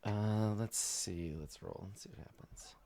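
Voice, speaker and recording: Low-voiced man running a tabletop game. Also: a little slow, gravelly, noisy background. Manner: rambling, full of ums and likes. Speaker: dungeon master.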